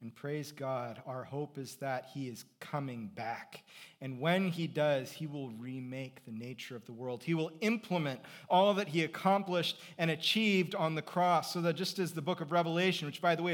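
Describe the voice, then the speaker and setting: A middle-aged man speaks as pastor at normal speed, his voice a little high. His sermon stays conversational, alternating between loud stress and quiet reflection.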